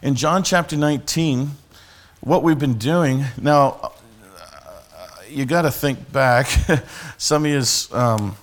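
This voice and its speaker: A man's voice: medium pitch, slow. A man, a street preacher telling a story and teaching in a conversational sermon style with many restarts.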